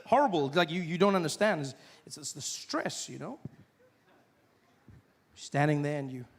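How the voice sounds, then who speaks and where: Animated male stand-up comedian, high voice. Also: moderate pace, creaky. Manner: animated, mocking, acts out characters. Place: stage before a live audience.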